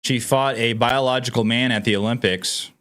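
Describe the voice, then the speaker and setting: On his own political commentary channel, a man speaks in a steady, mid-range, fairly bright voice at a moderate pace. He addresses viewers casually and emphatically, reading news items aloud with an incredulous tone.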